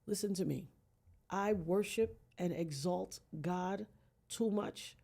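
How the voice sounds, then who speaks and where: Here a podcast guest tells an emotional personal story in a lowish, gravelly voice at a slow pace. She performs other people's words dramatically, going from hushed to almost shouting.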